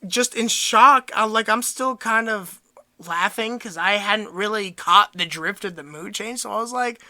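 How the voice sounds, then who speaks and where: A man's voice: high-pitched, unhurried, vocal fry, bright, forceful tone. A young man co-hosting a podcast, telling a long story animatedly and laughing along the way. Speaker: podcast co-host. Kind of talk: casual storytelling.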